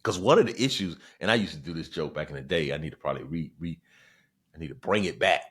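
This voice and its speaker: Host: deep-voiced South Carolina man, 40s, animated slangy stand-up delivery. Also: fast, breathy edge. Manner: animated, slangy, repeats phrases. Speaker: podcast host, stand-up comedian. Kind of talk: casual podcast monologue.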